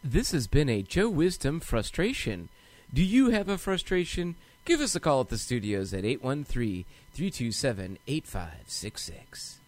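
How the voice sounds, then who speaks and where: A man hosting an internet radio show with a slow, laid-back delivery. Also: medium pitch, sing-song, dry recording. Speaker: radio host.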